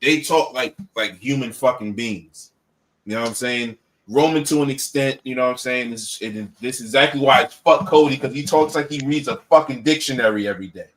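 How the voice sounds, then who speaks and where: A man's voice: mid-range voice, fairly quick. A man co-hosting a wrestling podcast, talking in a blunt, profane, casual way and often repeating himself. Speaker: podcast co-host.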